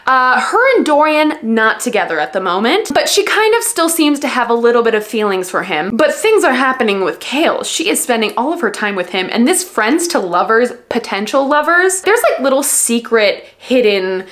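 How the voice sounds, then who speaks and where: A woman's voice: fairly high pitch, big pitch swings, moderate pace, few pauses, fairly bright tone. A woman chatting casually in a book vlog, gushing and full of fillers. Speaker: book vlogger. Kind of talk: casual reading vlog chat.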